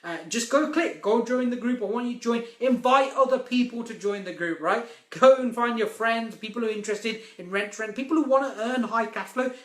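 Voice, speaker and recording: A man's voice: very high-pitched, brisk, hardly any pauses, a bit bright, roomy sound. A man giving a live-stream coaching talk on property investment, emphatic and repeating his key points.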